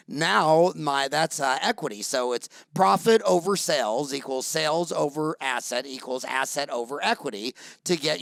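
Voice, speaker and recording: A man hosting an interview podcast, talking in a loose, animated, rambling way with salty language. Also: on the high side, gravelly, dry recording. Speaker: podcast host. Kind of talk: casual interview chat.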